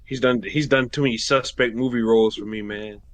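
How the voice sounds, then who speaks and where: A man co-hosting a podcast, talking bluntly and profanely with animated joking. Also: mid-range voice, fairly quick, dry recording. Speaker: podcast co-host. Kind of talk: casual chat.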